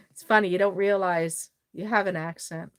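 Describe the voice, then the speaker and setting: Livestream host: chatty woman, Cape Breton Canadian accent, lowish voice, effusive with viewers. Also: fairly bright tone. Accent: Maritime Canadian (Cape Breton). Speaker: doll-making livestream host. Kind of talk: casual livestream chat with viewers.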